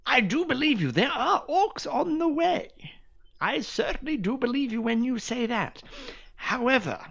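A woman voicing a huge, pompous king who is smoothly polite but threatens death. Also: high voice, lively intonation, normal speed, a bit bright, muffled recording, pitched above the performer's own voice, heavily acted. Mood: pompous menace. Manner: pompous, falsely genial.

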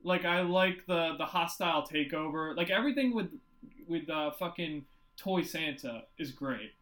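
A young man with a fairly high voice recapping a film in a loose, rambling way. He swears freely and talks in animated bursts. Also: moderate pace, low-quality recording. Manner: animated, profane, rambling retelling. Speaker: podcast co-host. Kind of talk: casual movie-review chat.

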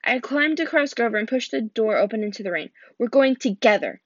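A woman's voice: on the high side, animated, quick pace, no room sound. A woman reading a novel aloud and voicing its characters, with frequent restarts and slips as she reads. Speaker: reader. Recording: dull lo-fi recording.

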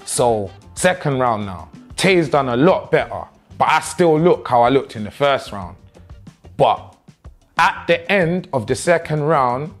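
A man, telling the story of his own boxing match in a slangy, animated, self-mocking way. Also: mid-range voice. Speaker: boxer reviewing his own fight. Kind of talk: casual storytelling commentary.

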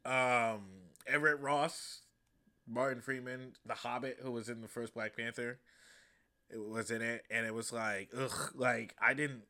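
A man hosting a podcast, reviewing a movie in a loose, profane, animated way. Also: medium pitch, measured pace. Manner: loose, profane and animated, acting out quoted lines. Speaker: podcast host. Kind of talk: casual comedic movie review.

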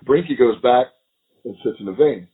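A husky, mid-pitched man in middle age tells his story with plenty of laughs and acted-out quotes. His voice comes through a thin, tinny phone-like line, so it sounds narrow and compressed. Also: moderate pace. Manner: animated, laughing storyteller who acts out quotes. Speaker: retired FBI agent, podcast guest. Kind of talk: storytelling interview.

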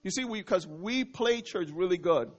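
A man preaching a passionate sermon as pastor, swinging between loud and hushed and dropping in Spanish phrases. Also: high voice, lively intonation, normal speed, dull audio, soft background music.

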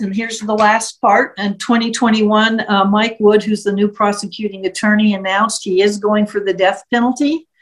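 A woman's voice: medium pitch, poor audio. Woman vividly retelling a story. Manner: vivid retelling, slips into quoted voices. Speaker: storyteller recounting a case. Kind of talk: casual spoken storytelling.

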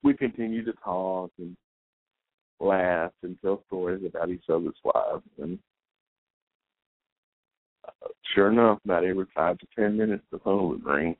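A podcast host tells a long personal story in a rambling, anecdotal monologue, voicing both sides of the conversation. His low voice moves at a normal pace with frequent pauses, and the recording is dry and tinny, like a phone.

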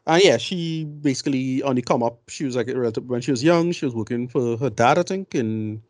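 A man's voice: mid-range voice, brisk, a little mellow, no room sound, clean studio sound. A man giving blunt, rambling film opinions in a casual podcast chat. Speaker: film review podcast co-host.

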